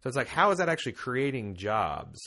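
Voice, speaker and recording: A man's voice: mid-range voice, big pitch swings, brisk, sharp tone. A man hosting a casual podcast, rambling and joking about himself with lots of fillers. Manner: rambling, self-mocking, many fillers. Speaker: podcast host.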